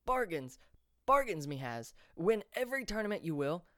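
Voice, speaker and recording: A man's voice: medium pitch, normal speed, no echo, studio quality, natural voice. A man putting on a shifty toothless merchant. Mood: excited. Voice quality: broken grammar, pushy sales patter.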